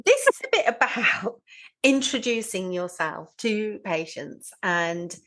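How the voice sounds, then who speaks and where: A woman's voice: medium pitch, lively intonation, takes it slowly, bright, forceful tone, rough recording. A woman, a nurse, co-hosting a podcast in an earnest, conversational manner. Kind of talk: casual chat.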